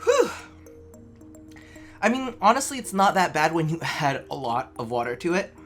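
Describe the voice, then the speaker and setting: A man's voice: on the high side, big pitch swings, normal speed, a bit bright, faint music behind. A man vlogging casually to camera from his apartment, a little tipsy, rambling, chatty and swearing freely. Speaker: vlogger host.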